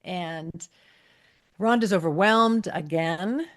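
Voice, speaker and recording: Podcast co-host, woman, chatty recap voice, a bit low. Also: slow pace, fairly bright tone. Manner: chatty storytelling, acting out lines from the scenes. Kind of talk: casual episode recap.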